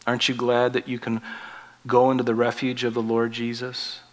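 A man in his forties preaching a sermon as pastor, rising in force on scripture and dropping soft on tender points. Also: mid-range voice, monotone, normal speed. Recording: long reverb of a large hall.

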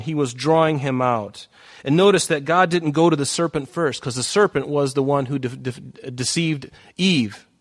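A man preaching a sermon who reads scripture aloud, repeats key phrases for emphasis and keeps pointing his listeners to particular verses. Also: fairly high pitch.

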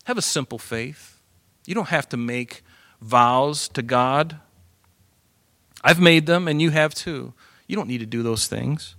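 A man preaching a sermon, lively and animated, swinging from loud emphasis to hushed asides. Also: fairly high pitch, no echo, studio quality. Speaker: pastor.

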